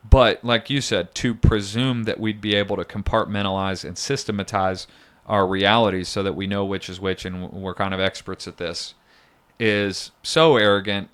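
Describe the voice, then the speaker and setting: Man, podcast co-host, somewhat low voice, casual chat, rambling, self-mocking jokes. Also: a bit bright, smooth.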